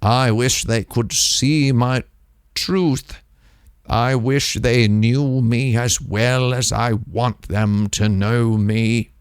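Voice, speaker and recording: A man voicing a lofty, self-absorbed young woman who speaks in a slow, affected, wistful way, close to a dynamic microphone. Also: mid-range voice, fairly even intonation, clean tone, no echo.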